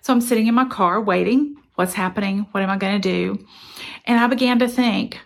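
Middle-aged woman, gravelly tone, reflective storyteller sharing a lesson. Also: mid-range voice, a little fast. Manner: earnest, reflective, conversational. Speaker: motivational speaker. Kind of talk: personal storytelling.

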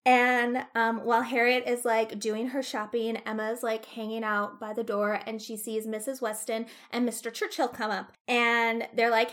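A young woman casually recapping a book on a podcast, acting out the characters in quick voices and laughing often. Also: a little high, little pitch movement, fairly bright tone. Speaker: podcast co-host.

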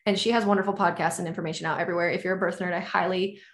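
A woman's voice: fairly low pitch, steady tone, rapid-fire. A woman talking in a casual podcast conversation as a birth educator, enthusiastic and effusive. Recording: echoey room.

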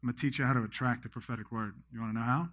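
A man in his thirties, a pastor preaching a sermon with lively storytelling, often acting out his own thoughts and others' words. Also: medium pitch, very fast, no echo. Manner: energetic storytelling, quotes himself and others.

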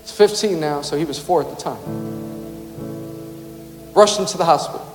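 A man preaching a sermon with passion, shouting at times and firing rhetorical questions at the congregation. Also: fairly high pitch, moderate pace. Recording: long hall reverb with music underneath.

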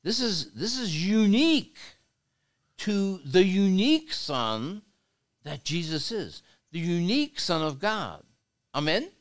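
Animated, slow-talking man preaching. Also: high voice. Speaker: bishop preaching. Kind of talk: sermon.

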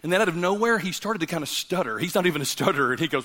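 Delivering a storytelling sermon as a guest, a middle-aged man talks very fast on the high side, with hardly any pauses. His animated style shifts between loud laughing punchlines and quiet, earnest reflection.

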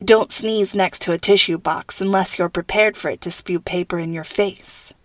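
A chatty teenage girl who loves to fill everyone in, as a woman voices her. Her tone is confiding and lively. Recorded dry and close. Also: lowish voice, moderate pace, no echo, close to an everyday voice.

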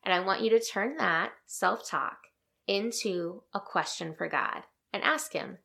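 A woman hosts a reflective devotional podcast, talking in a gentle, earnest way. Her voice has a gravelly edge and sits at an ordinary middle pitch. She reads scripture passages aloud in a calm, steady tone. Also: unhurried.

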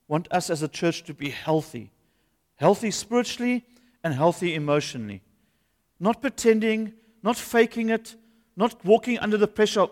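A man's voice: high-pitched, darkish tone. A man, a pastor preaching an earnest, conversational sermon in a church. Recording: long hall reverb.

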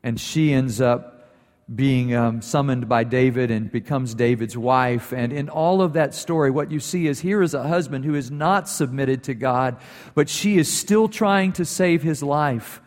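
Male pastor, sermon with storytelling, mid-pitched voice, long church reverb. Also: unhurried. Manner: storytelling, voice rising in emphasis then softening to prayer. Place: church sanctuary.

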